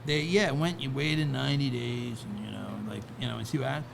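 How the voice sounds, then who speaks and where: Gravelly man rambling in conversation. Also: medium pitch, steady tone, fast talker, background noise. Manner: rambling, many restarts and "right?" asides. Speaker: guest, record label founder. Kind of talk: casual interview talk.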